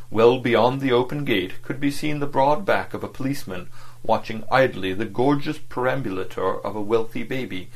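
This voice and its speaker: Low-voiced man narrating a classic novel. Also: low-quality recording. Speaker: audiobook narrator.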